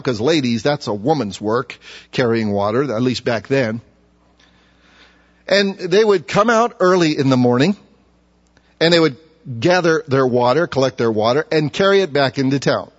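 A man preaching in a friendly, conversational way, throwing in asides and questions to his listeners. His voice sits a little higher than most men's. The sound is dull and muffled, with a long reverb from the church hall. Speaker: pastor. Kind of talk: sermon.

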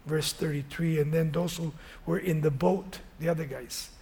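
Gravelly high-voiced male preacher. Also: normal speed. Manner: animated, conversational retelling of a Bible story. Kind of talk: sermon.

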